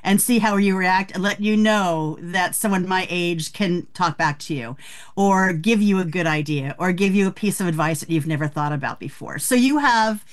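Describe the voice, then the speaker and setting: A woman in her sixties, an author being interviewed, telling frank, animated stories about aging. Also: on the low side, normal speed. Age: 60s. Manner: frank, animated storytelling with laughs. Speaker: author guest. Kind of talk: candid interview talk.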